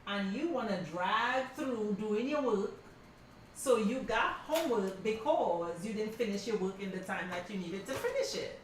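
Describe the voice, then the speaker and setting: A middle-aged woman teaching a crafting class, telling stories in a casual, animated way and calling her students y'all. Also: mid-range voice, normal speed, slight background noise. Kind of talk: casual class talk, storytelling. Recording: very echoey room from a distance.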